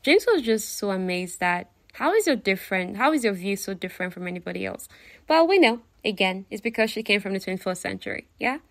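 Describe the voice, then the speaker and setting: A woman's voice: mid-range voice, sing-song, brisk, no echo. A woman casually retelling a novel, chatty and full of fillers, often asking the listener questions. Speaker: book retelling narrator.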